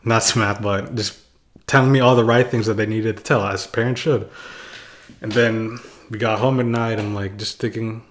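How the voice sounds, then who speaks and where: A man's voice: fairly low pitch, steady tone, normal speed, a bit bright. A young man casually telling a childhood story to his viewers in a loose, rambling way, with lots of "like" and chuckles. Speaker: vlogger.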